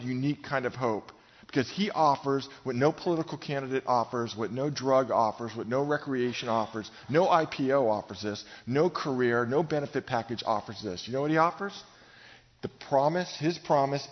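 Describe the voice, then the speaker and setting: A middle-aged male pastor preaching a sermon in a large gym, speaking emphatically and directly to his congregation. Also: mid-range voice. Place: large gym used for church services. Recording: long hall reverb, dull sound.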